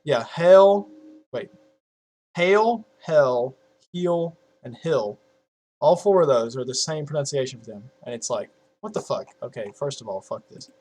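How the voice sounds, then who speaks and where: A young man in his early twenties talks to his viewers at a home desk mic in a loose, rambling way. He swears constantly, trails off into restarts and breaks into laughs at his own jokes, all in a mid-pitched voice. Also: lively intonation, a little fast, a little mellow, slightly rough. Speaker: YouTuber. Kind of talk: casual chat to viewers.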